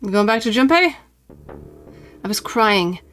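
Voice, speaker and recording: A woman's voice: a little high, animated, unhurried, a bit bright, faint music behind. A young woman streaming a visual novel, reading its text aloud and reacting bluntly.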